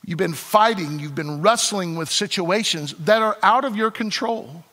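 A male pastor preaching a sermon in an animated, conversational way, repeating his phrases for emphasis. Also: sits high, moderate pace, big-room sound. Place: church sanctuary.

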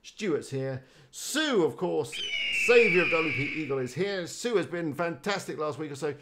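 A man's voice: fairly high pitch, lively intonation, moderate pace, very noisy. Chatty man on a live stream. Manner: chatty, rambling, greets viewers by name. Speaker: live-streaming website builder. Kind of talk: casual live stream chat.

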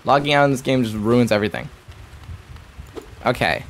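A man's voice: medium pitch, moderate pace, a little hiss or hum. A young man streaming a game live, talking to himself in jumpy, nervous chatter and swearing often. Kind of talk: live gameplay commentary.

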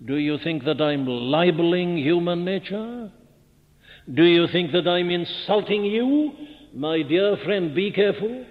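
An older male preacher delivers a sermon, pressing his listeners with rhetorical questions and rising to fervent emphasis. His voice sits slightly high for a man. The old archival tape sounds thin and phone-like, and a long reverb trails each phrase through a large hall. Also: lively intonation, slow. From Wales.

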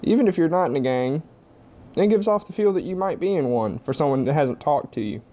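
A man's voice: fairly high pitch, lively intonation, brisk, mellow. A young man at home giving a blunt, heavily profane opinion monologue to camera. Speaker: vlogger.

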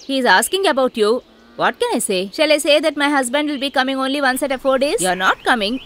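A woman's voice: sits high, animated, fast talker, a little hiss or hum. A woman voicing a clingy young lover in a film dub, pleading and nagging. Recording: film dub with loud music underneath.

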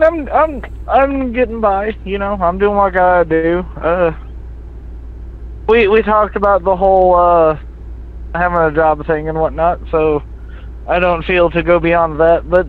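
A man's voice: high voice, unhurried. A drunk man calling into a stream show, chatting casually and hesitantly. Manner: relaxed, hesitant, lots of uh. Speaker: caller. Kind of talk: casual call-in chat. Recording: tinny phone line.

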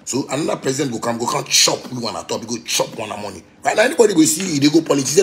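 A man's voice: medium pitch, lively intonation, racing, slight background noise. A man with a Ghanaian Pidgin English accent, ranting bluntly and defiantly to fans on a phone livestream. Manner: blunt, defiant, repetitive, swears freely. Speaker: musician talking to fans live. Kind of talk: livestream rant.

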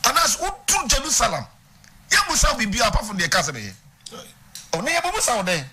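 A man's voice: very high-pitched, sing-song, quick pace, noisy background. A man with a Ghanaian accent preaching a sermon, teaching and putting questions to his congregation. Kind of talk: sermon mixing Twi and English. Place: church.

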